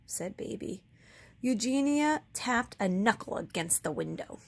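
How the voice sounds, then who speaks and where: A woman teacher reading a children's book aloud, pausing to explain words for young kids. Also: mid-range voice, expressive, vocal fry, breathy edge.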